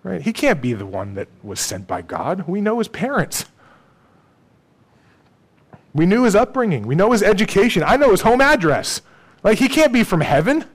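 Brief: a man doing incredulous, mocking townsfolk, a bit higher and quieter. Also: sing-song, moderate pace, pauses often, heavily acted. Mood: scoffing. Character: scoffing townsfolk dismissing a local man.

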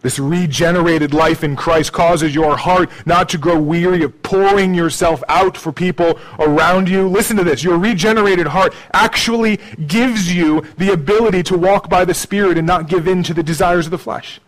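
A man preaching a sermon in a conversational way, tagging his points with "okay?" and "right?", moving between soft, low asides and raised, emphatic lines. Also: fairly even intonation, moderate pace, hardly any pauses, rough recording. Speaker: pastor.

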